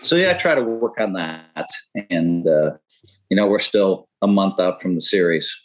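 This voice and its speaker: Podcast guest, man in his fifties, deep-ish, talks in loose candid rambles. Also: lively intonation, moderate pace, a little hiss or hum, rough recording. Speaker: podcast guest, poker pro. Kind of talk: casual interview talk.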